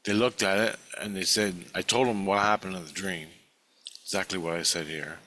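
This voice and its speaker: Bright-voiced man rambling through a dream. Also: sits low, steady tone, moderate pace. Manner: profane, meandering storytelling with many restarts.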